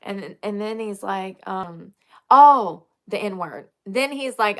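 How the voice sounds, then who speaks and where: A woman hosting a casual livestream, talking bluntly and telling stories with animated energy and frequent laughter. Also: medium pitch, slow pace. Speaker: livestream host.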